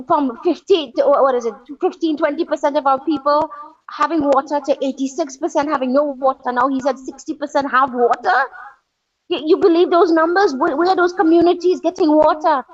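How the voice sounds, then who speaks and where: A woman's voice: high voice, moderate pace, highs cut off. A woman calling into a talk show, ranting indignantly with sarcasm and rhetorical questions. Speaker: caller. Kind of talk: angry political call-in rant.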